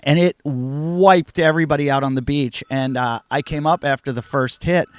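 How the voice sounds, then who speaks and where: A man's voice: on the high side, normal speed, clear, resonant tone, no room sound. A middle-aged man hosting a casual podcast chat, telling candid stories and swearing freely. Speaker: podcast host.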